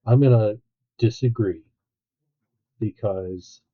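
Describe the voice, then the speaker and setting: A man co-hosting a podcast, chatting casually about a film, animated and acting out quotes with a laugh. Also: lowish voice, slow. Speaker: podcast co-host. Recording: tinny phone-like line.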